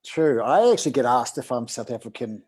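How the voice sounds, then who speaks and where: Mellow, husky New Zealand man hosting. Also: mid-range voice, lively intonation, fairly quick. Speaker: interview host. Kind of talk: casual interview chat.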